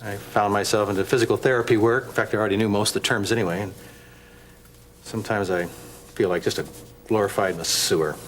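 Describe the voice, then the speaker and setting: An actor playing an easygoing physical therapist in a TV drama, speaking calmly. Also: male voice, fairly low pitch, fairly quick, close to an everyday voice, poor audio. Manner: calm and easygoing. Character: easygoing, self-aware male physical therapist. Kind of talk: daytime TV drama acting.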